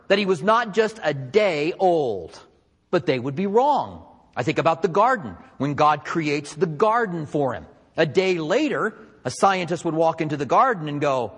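A man delivering a sermon as a Bible teacher, his voice a little husky and pitched slightly high. He teaches in a conversational, animated way, swinging his pitch widely and adding emphatic asides. The sound carries a long reverb, as if from a large hall. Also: normal speed.

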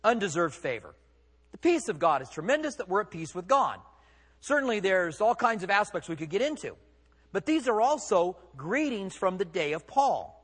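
A man's voice: high voice, sing-song, moderate pace, fairly bright tone, breathy edge, in a large hall. A man preaching a sermon as pastor, conversational and emphatic, with rhetorical questions.

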